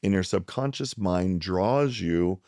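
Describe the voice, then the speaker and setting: Gravelly low-voiced man telling a story. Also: slow pace, no room sound, clean studio sound. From South Texas. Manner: animated storyteller who acts out the people he quotes. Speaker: psychiatrist guest. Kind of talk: storytelling in a conversation.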